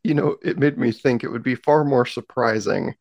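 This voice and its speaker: Gravelly man hosting a podcast. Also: mid-range voice, moderate pace, darkish tone, dry recording. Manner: friendly, joking, self-deprecating. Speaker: podcast host. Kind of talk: casual podcast interview.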